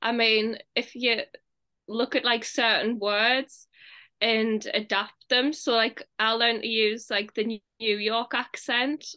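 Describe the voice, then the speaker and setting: A young British woman, an actress, chatting casually in an interview, full of "like" fillers and quick laughs. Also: on the high side, steady tone, bright, forceful tone. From England. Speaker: actress, guest.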